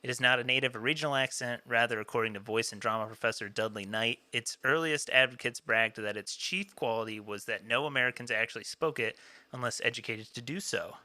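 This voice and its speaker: Brief: male podcast co-host, sharp bright voice, dry close sound, casual and filler-heavy. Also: medium pitch, a little fast, dry recording. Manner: casual, filler-heavy, reads notes aloud. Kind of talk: casual film discussion chat.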